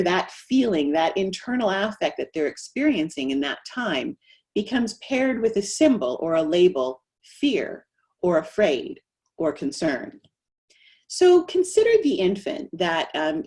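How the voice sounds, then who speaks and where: A middle-aged woman, a speech-language pathologist, giving an animated webinar presentation. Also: lowish voice. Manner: animated, acts out quoted voices.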